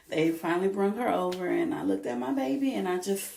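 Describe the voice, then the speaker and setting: A young woman telling her birth story in a lively, expressive way, with features. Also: mid-range voice, normal speed, creaky, slight background noise. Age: young adult. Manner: animated, expressive, vivid retelling. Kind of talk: casual storytelling to camera. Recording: roomy echo.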